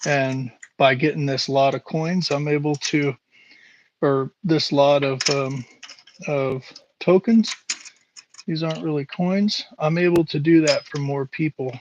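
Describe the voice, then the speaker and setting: A man hosting a casual live stream from his home workshop, talking slowly with many fillers while he works. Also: a little high, fairly even intonation, lo-fi sound. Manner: slow, halting, lots of fillers. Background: buffing wheel hum.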